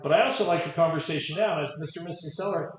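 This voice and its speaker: A man's voice: a little high, rapid-fire. Real estate trainer, male, wry and conversational, echoey room, dull audio. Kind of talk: training talk with stories.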